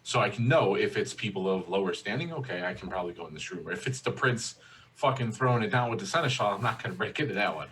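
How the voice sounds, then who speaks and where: A man's voice: lowish voice, animated, fast, a bit bright, slight background noise, poor audio. A man playing in a tabletop game, laid-back and swearing casually as he plans his moves. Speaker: player.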